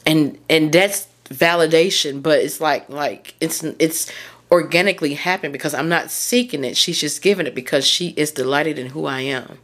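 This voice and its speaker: A woman's voice: low-pitched, moderate pace. Candid woman podcaster. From Tennessee, US. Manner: candid, rambling, self-correcting. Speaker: podcast host. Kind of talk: solo podcast monologue.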